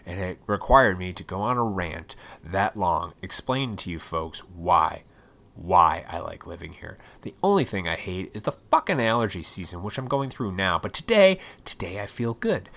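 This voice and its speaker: A man in his thirties from Illinois, ranting casually and profanely on his own podcast, rambling and bursting into loud, excited outbursts. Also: deep voice, moderate pace, creaky. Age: 30s. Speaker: podcast host. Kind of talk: casual solo podcast rant.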